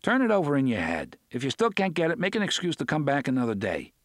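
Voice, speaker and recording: A man's voice: on the high side, huge pitch swings, quick pace, no room sound, studio quality, pitched above the performer's own voice. A man voicing a genial older man who loves riddles and old songs, teasing and playful in a full melodious voice.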